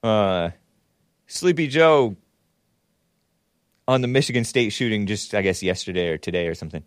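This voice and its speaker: A male podcast host in sarcastic, jeering commentary mode. His voice sits at an ordinary middle pitch. It is recorded dry and close, with no room sound. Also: lively intonation, normal speed, long pauses, no echo. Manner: sarcastic, jeering, laughs at his own remarks. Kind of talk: mocking political commentary.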